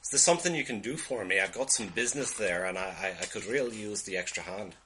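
A man voicing a gruff male dwarf merchant with a put-on Scottish accent, halting and earnest. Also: lowish voice, sharp tone, a little hiss or hum, poor audio. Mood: pleading. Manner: halting, stumbling speech.

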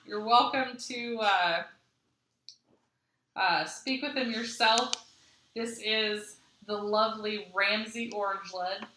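A woman's voice: mid-range voice, slow. A woman playing a friendly, persuasive male merchant ally in a tabletop game. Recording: echoey room with loud hiss.

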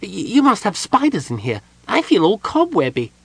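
Man voicing a small excitable kender, squeaky and husky, fretful and eager, audiobook reading. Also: normal speed, no room sound, heavily acted. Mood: nervous. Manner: high eager breathless questions.

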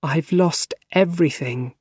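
A man's voice: a little high, a little slow, darkish tone, no room sound, studio quality, voice pushed up. Harry: a man doing a bitter, vengeful young heir. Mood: bitter, resentful.

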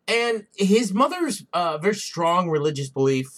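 Profane, jokey male podcast co-host with a lively, fairly high voice. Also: moderate pace. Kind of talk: casual comedic chat.

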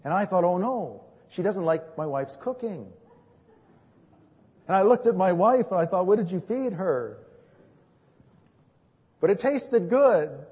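A man preaching as a pastor, telling stories from his ministry and moving between hushed and emphatic delivery. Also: high voice, lively intonation, a little slow, husky. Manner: storytelling, swings from hushed to emphatic. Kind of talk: sermon with personal testimony. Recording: dull recording in a reverberant hall.

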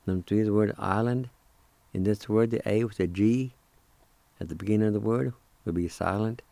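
Patient older male radio teacher, deliberate syllable drills, warm dark tone. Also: lowish voice, creaky, no echo. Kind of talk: slow spelling and pronunciation lesson.

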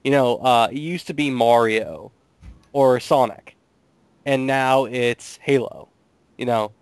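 A man's voice: medium pitch, slow pace, smooth, no echo. A young man co-hosting a casual gaming podcast, talking in a dry, hesitant way with many ums. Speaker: podcast co-host. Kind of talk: casual chat.

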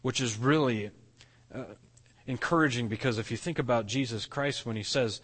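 A man's voice: medium pitch, moderate pace, fairly bright tone, slightly rough, big-room sound. A man preaching a sermon as pastor, earnest, often restarting and repeating words as he explains. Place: church sanctuary.

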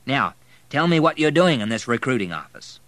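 A man reading aloud, voicing an energetic, commanding male American army general in a raised voice. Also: lowish voice, brisk, no echo.

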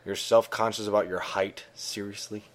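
A man's voice: fairly low pitch, normal speed. A man co-hosting a podcast, retelling a manga chapter in casual chat and swearing freely. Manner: animated storyteller, swears freely. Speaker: podcast co-host.

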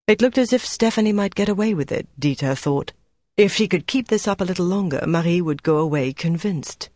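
A man narrating an audiobook in a steady, even storytelling manner. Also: high-pitched, fairly quick, dry recording, clean studio sound. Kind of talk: scripted narration.

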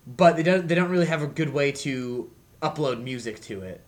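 A man co-hosting a casual music podcast, rambling loosely and filling his talk with "like" and "um". He laughs at himself and talks in a relaxed, unpolished way. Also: a little high, moderate pace. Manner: rambling, self-deprecating, lots of fillers. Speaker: podcast co-host. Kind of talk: casual chat.

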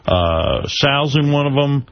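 A man hosting a radio show with a brisk, wry delivery in a mid-range voice. The sound is dry and close, and slightly dull. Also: mid-range voice, expressive, gravelly, no echo. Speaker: radio host. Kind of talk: casual radio chat.

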